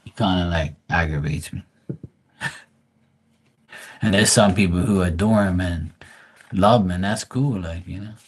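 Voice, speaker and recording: Casual male streamer, lowish voice, blunt, swears freely, rambles and restarts. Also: a little slow, long pauses, husky. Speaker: live stream host. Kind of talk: casual livestream chat.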